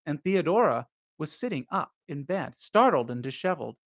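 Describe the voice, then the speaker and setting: His voice sits a little high, swings widely in pitch, and sounds fairly bright as he hosts a live reading of a novel. He moves from measured narration into loose, musing commentary on the story.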